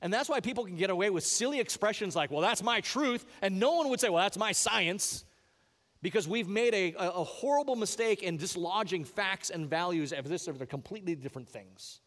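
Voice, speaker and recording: A man with a fairly high voice delivers a sermon in a warm, conversational way, leaning hard into key phrases. He talks to the congregation like friends. The sound carries the long reverb of a church sanctuary. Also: animated, quick pace, few pauses. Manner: earnest, conversational preaching with rising emphasis. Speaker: pastor.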